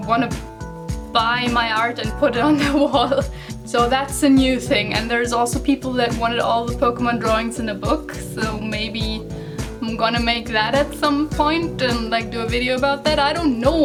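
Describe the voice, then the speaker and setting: A woman artist talking casually to her viewers, rambling a little and often hedging with small laughs. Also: fairly high pitch. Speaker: digital artist vlogger. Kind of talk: casual chat to camera.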